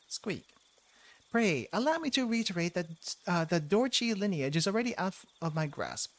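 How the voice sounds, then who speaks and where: A man voicing a remorseful male mouse count, reading game dialogue in a stiff, formal way, breaking into little squeaks. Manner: stiff old-fashioned formal speech punctuated by squeaks.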